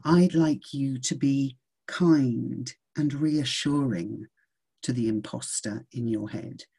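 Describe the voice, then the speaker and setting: Slow, soft-voiced reassuring woman. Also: low voice, husky. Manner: gentle, reassuring, measured. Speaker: speaker on self-confidence. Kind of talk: reflective motivational talk.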